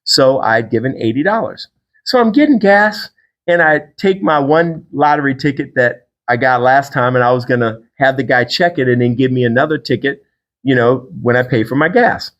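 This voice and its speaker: A middle-aged man hosting a podcast, telling a personal faith story in a casual, animated way and acting out the people he quotes. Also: normal speed, highs cut off. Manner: animated storyteller, acts out quotes with big pitch jumps. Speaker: podcast host.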